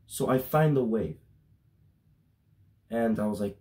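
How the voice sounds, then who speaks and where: Profane, rambling young man with a dark, raspy voice. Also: on the low side, takes it slowly. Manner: profane, rambling, gets loud and excited. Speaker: toy collector vlogger. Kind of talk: casual storytelling.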